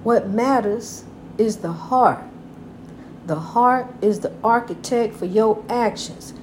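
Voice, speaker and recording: This older woman's voice is a little high and slow-moving, with a bit of hiss or hum on the recording. A grandmother, she calls the listener honey and offers folksy, repetitive inspirational advice about God, preachy and God-centered in its encouragement.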